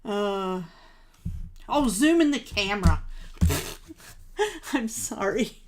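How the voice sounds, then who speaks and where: A woman's voice: medium pitch, lively intonation, very slow. A woman hosting a live crafting stream, chatting casually with viewers, gushing over supplies and laughing at herself. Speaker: craft livestream host.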